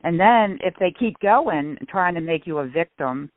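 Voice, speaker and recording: A middle-aged woman talks earnestly on the radio, slowing down to stress her points and restarting as she thinks. Her voice comes through a thin, phone-like band with no room echo. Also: lowish voice, lively intonation. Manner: earnest, with restarts and slow emphasis. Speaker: guest speaker on shame and guilt. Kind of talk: casual radio talk. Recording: tinny phone-like radio sound.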